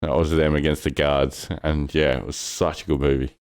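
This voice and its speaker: Very deep-voiced Australian man chatting. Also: little pitch movement, normal speed, a little mellow, clear, resonant tone. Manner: laid-back, sweary, laughs often. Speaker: podcast co-host. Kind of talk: casual chat.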